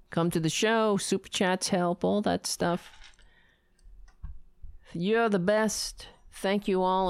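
A woman hosting her own show, signing off in a rambling, self-deprecating way with halting restarts, her voice worn low and hoarse from shouting. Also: no room sound, clean studio sound. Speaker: show host. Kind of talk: casual live-show sign-off.

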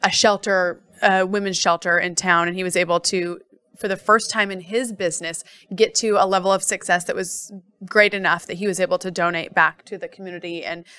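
A woman's voice: fairly low pitch, steady tone, brisk, pushed and bright, clean tone, no echo. A woman co-hosting a podcast, chatting casually in an upbeat way and laughing easily. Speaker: podcast co-host.

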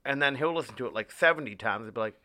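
A man's voice: medium pitch, racing, pushed and bright, dry recording, studio quality. A young adult man co-hosting a casual podcast chat, enthusiastic and swearing freely. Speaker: podcast co-host.

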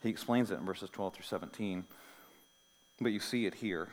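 A male pastor giving a sermon, moving between hushed, intimate lines and loud, emphatic ones, with casual asides and light humor. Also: on the low side, normal speed, big-room sound. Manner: animated preaching, swinging from soft to loud. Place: church sanctuary.

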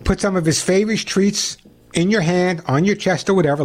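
A talkative man hosts a call-in radio show about pets, his voice sitting fairly high. He explains things in a quick, chatty flow, with frequent restarts and repeats. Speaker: radio pet show host.

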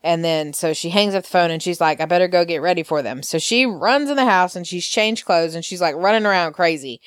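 A woman's voice: fairly low pitch, fairly quick, dry recording, studio quality. A woman hosting a podcast, recapping soap opera scenes in a chatty way, full of fillers and quoted lines. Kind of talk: casual recap chat.

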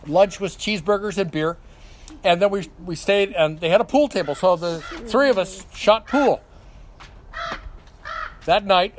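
Older male pastor with a high-pitched voice, conversational Bible teacher with frequent check-ins.

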